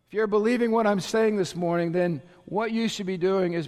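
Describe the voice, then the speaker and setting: A male pastor preaches to his congregation in a high, bright-sounding voice. He talks with energy, driving his points home, sometimes shouting, and slips in playful asides. His voice rings with the long reverb of a large church hall. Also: steady tone, moderate pace, hardly any pauses. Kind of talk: sermon.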